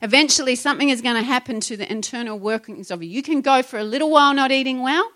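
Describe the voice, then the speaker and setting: High-voiced woman preaching a sermon. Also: fast, sharp tone. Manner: exhorting, rhetorical questions to the congregation. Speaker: pastor.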